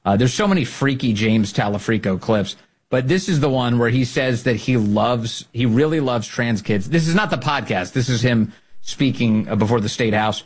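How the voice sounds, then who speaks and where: A man with a mid-pitched, husky voice hosts a casual political commentary show. He talks in a mocking, animated way, with sudden jumps up into a high voice to land a point. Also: normal speed. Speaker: podcast host.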